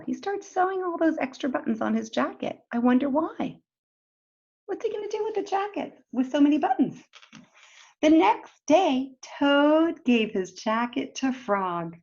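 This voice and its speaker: Teacher lady reading a kids story, high lively voice, slow, dull lo-fi recording. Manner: expressive, talks to children directly. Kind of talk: storybook read-aloud for children.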